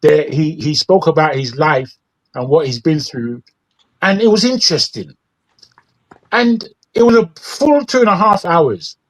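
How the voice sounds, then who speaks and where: A man's voice: on the high side, animated, measured pace, rough recording. A man hosting an opinionated news commentary show, talking in an indignant, rambling way with frequent restarts. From England. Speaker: host.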